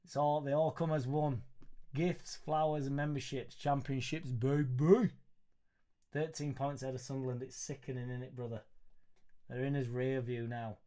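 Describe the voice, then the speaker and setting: A young man hosting a live football reaction stream, reading viewer messages in an excitable, sweary, joking way. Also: mid-range voice, normal speed. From Leeds, England. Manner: excitable, sweary, banter-filled. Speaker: football fan channel host.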